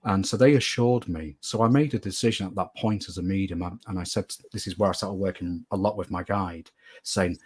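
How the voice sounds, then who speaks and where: A man with a very low, husky voice sits as a guest in an interview. He tells a long personal story in an earnest, rambling way, circling back and repeating phrases to drive them home. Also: brisk. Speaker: guest medium.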